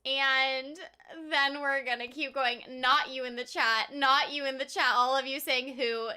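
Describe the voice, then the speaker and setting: A very high, bright young woman's voice, tearful and on the edge of crying as she chats through a live game stream. She talks slowly, with laughs and sighs breaking up her sentences, speaking into a desk mic. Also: fairly even intonation, clean tone. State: teary, near crying. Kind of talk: casual live-stream chat.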